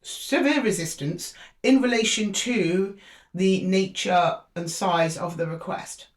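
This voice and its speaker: A woman with a medium-pitched voice speaks slowly as she does a tarot reading to camera. She addresses the sign directly, thinking out loud and restarting often between card draws.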